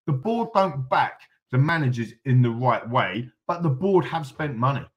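A man's voice: mid-range voice, big pitch swings, normal speed, highs cut off. Impassioned man ranting about his club. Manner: ranting, emphatic, apologetic asides. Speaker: fan pundit guest. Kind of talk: heated fan podcast rant.

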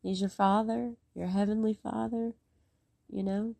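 Gravelly-voiced woman, emotional faith talk. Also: medium pitch, steady tone, measured pace, warm tone, no room sound. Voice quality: voice a bit rough today. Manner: emotional, rambling, talkative. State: close to tears. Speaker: faith vlogger. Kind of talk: casual devotional talk and scripture reading.

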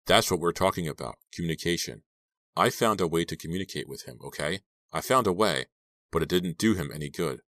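A man reading an audiobook aloud and voicing a menacing, unstable young man in a low, quiet, eerily calm voice. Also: fairly quick, no echo.

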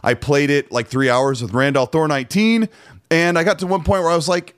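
A man's voice: fairly high pitch, fairly quick. A man hosting a podcast in casual chat, laid-back and rambling, with plenty of filler words. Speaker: podcast host.

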